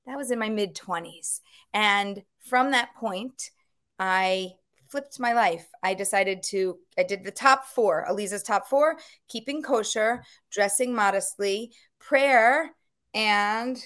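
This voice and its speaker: A woman from Philadelphia, a matchmaker guest on a casual podcast, bubbly and quick to laugh. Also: medium pitch, fairly bright tone. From Philadelphia, USA. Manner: bubbly, laughs often, talks in quick bursts.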